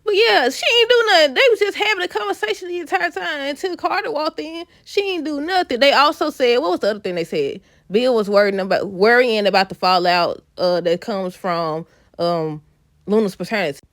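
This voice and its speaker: A woman recapping a soap opera episode in a casual vlog, animated and laughing often. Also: sits high, a little fast, no echo, clean studio sound. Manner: animated, laughs often, addresses viewers as y'all.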